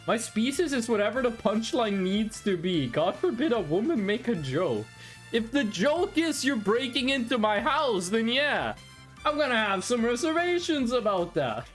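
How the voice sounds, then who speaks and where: A native Norwegian game streamer chats from a room at home with faint music behind him. His mid-range voice keeps a measured pace while he rambles animatedly, cracks jokes and swears now and then.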